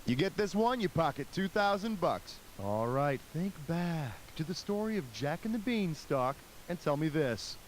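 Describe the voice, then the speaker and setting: Wisecracking video game quiz host, sarcastic asides, very lively swoops in pitch. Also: male voice, moderate pace, hardly any pauses, background noise. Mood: snarky. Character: snarky fast-talking male game show host. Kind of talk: scripted quiz game hosting. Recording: loud game music behind.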